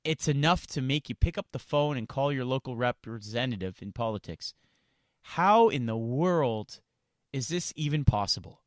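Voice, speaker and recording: A man's voice: a little high, animated, normal speed, dry recording, studio quality. A man hosting a sports radio show, ranting with indignation and stumbling over repeated words. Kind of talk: heated sports talk radio rant. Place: radio studio. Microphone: studio microphone.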